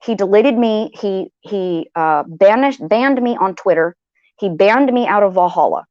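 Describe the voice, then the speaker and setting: A woman's voice: medium pitch, expressive, a little slow, darkish tone, no echo, muffled recording. Heated, blunt woman venting on a livestream. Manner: heated, blunt, swears freely, repeats phrases. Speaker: livestream host. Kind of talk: venting personal story to viewers.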